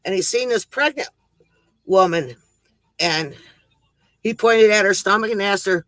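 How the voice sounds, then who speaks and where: A man's voice: high-pitched, a little slow, pauses often, sharp tone, no room sound, rough recording. A man casually telling corny jokes on a livestream, chuckling at his own punchlines and rambling through them. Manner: rambling, self-interrupting delivery. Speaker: livestream joke teller.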